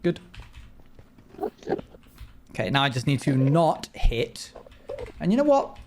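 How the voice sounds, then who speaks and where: A young man streams a game and chats playfully with viewers in a medium-pitched, sing-song voice, with background noise present. He tosses out fast asides and lively exclamations.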